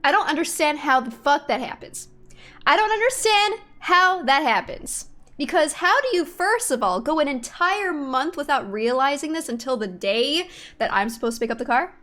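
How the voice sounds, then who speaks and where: A woman's voice: high-pitched, animated, brisk, a bit bright. A young woman streamer chatting casually to her viewers, venting with exasperation, swearing freely and laughing in disbelief.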